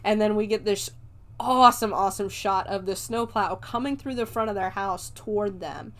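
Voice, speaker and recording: A woman hosting a podcast retells a film in casual, chatty talk for a movie review, laughing often and swearing freely. Her mid-range voice is a bit bright, at a moderate pace.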